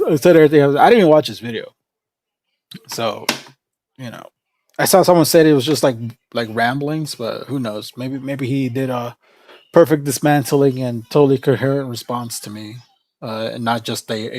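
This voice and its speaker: A man chats casually on his livestream, wandering from thought to thought and restarting often. His voice sits at an ordinary middle pitch, close and dry with no room sound around it. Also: darkish tone, no room sound. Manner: rambling, with frequent restarts and fillers. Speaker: livestream host.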